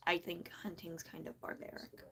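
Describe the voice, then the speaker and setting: A young woman with a Southern US accent and a naturally high voice, rambling and swearing freely in casual livestream chat. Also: monotone, normal speed, in a whisper.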